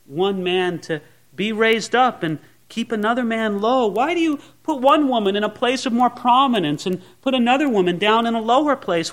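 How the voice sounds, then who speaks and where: A man's voice: extremely high pitch, normal speed, fairly bright tone. A male pastor preaching a sermon, acting out the lines of biblical characters.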